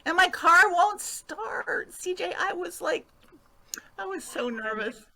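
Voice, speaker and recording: A woman playing a gushing, bright-voiced nurse. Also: very high voice, lively intonation, takes it slowly, a little hiss or hum, full character voice. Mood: gushing chatty. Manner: gushing, rambling, repeats words. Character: chatty middle-aged woman nurse, gushing and fussy. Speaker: improv performer. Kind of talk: improvised comedy scene.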